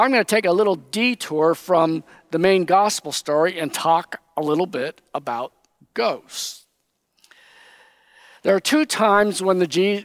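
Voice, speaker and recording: Man, preacher, sermon, unhurried, emphatic, dry close recording. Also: on the high side, dry recording. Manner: slow, emphatic Bible teaching, quoting figures in raised voice.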